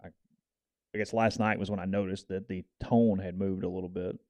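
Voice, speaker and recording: A man's voice: low-pitched, level tone, a little fast, darkish tone, no echo. Man, podcast co-host, conversational and wry, dry close mic. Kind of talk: casual sports talk.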